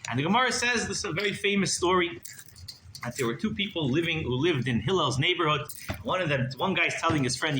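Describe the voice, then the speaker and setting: A male rabbi tells a story to a class in a lively, chatty way, often checking in with his listeners. His voice sits a little high and moves up and down a lot. The room is echoey, with clear noise behind him. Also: fast talker. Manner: lively, conversational, asks listeners "right?".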